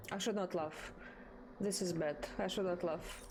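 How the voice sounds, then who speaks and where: A woman's voice: on the low side, unhurried. A woman chatting through a horror game as a streamer, talking to the game and her viewers in a bemused way. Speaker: gaming streamer. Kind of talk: live horror game commentary. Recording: game ambience noise behind.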